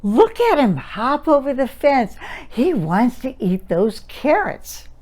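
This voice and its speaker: A woman voicing an aunt reading a picture book to a toddler in sing-songy, high infant-directed speech. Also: sing-song, takes it slowly, a little mellow, full character voice. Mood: delighted.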